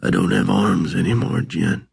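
A man's voice: low voice, lively intonation, unhurried, fairly bright tone, full character voice. A man voicing a delirious, drugged young man who talks in a dazed, pleading way. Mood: whispering.

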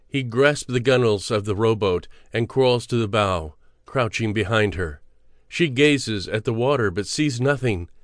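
A man's voice: fairly low pitch, dry recording. Man narrating an audiobook, dry close. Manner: measured, steady storytelling. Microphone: close studio mic.

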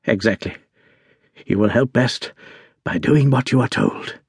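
A man voicing a feeble, imperious dying detective with a croaking, spasmodic voice in an audiobook. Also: mid-range voice, measured pace, a little mellow, dry recording, clean studio sound, heavily acted.

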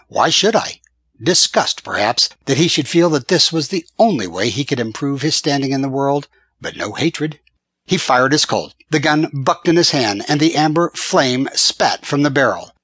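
A man reading a western audiobook as a first-person narrator, with measured, steady storytelling. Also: a little high, slightly rough, dry recording.

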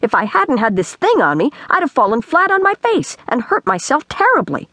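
A woman voicing a bold, cheerful girl who boasts freely in a quick, bright way. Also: sits high, huge pitch swings, no echo, pitched above the performer's own voice, exaggerated voice.

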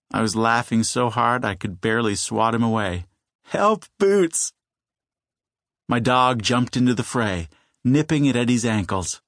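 A man reading a children's novel aloud in measured storytelling, slowing down for suspense. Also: mid-range voice, no echo, clean studio sound. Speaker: audiobook narrator. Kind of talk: scripted children's audiobook narration.

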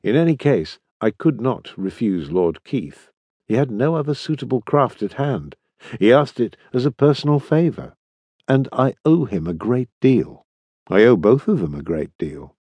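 A man reading the part of a seasoned sea captain in a storybook, speaking calmly and courteously with lively ups and downs in his voice. The sound is close and dry. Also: slightly rough, no echo. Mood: steady. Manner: measured, low-key and courteous. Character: hearty seasoned male ship captain.

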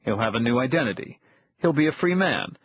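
A man voicing a frail elderly spy chief who speaks softly and with measured calm, in a husky tone. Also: mid-range voice, lo-fi sound. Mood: calm, cold. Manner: soft-spoken, measured.

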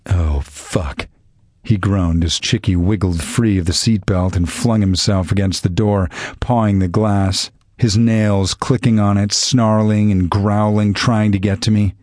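A man narrating a novel in the first person as an audiobook, steady and wry, on a close studio mic. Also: fairly low pitch, a little slow, no room sound.

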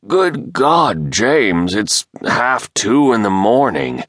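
A male narrator voicing an older professor who speaks in a measured, deliberate way. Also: on the low side, big pitch swings, a bit bright, dry recording, studio quality, pitched above the performer's own voice, full character voice. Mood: groggy.

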